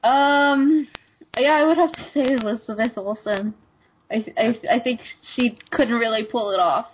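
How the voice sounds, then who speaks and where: A woman co-hosting a podcast in casual chat, speaking in a hesitant, halting way. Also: on the high side, slight background noise. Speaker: podcast co-host. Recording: slightly dull recording.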